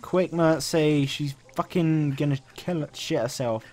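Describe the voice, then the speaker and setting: A young man casually commentating his gameplay, swearing a lot, getting excited and reading game options aloud. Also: a little high, measured pace. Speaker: let's play host.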